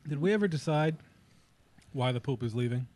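A man's voice: medium pitch, expressive, brisk, darkish tone. A man co-hosting a casual talk show, making crude wisecracks. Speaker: podcast co-host. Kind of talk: casual banter.

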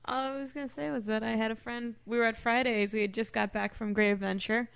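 A woman's voice: on the high side, fairly even intonation, fast talker, vocal fry, clear, resonant tone. A young woman telling stories in casual podcast banter, giggly and full of "like". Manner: giggly, storytelling with lots of "like". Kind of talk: casual chat.

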